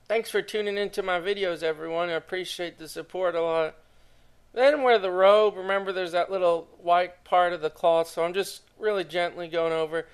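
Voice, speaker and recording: A man's voice: high voice, clear, resonant tone. A young man casually narrating a drawing tutorial, chatty and enthusiastic, talking straight to his viewers.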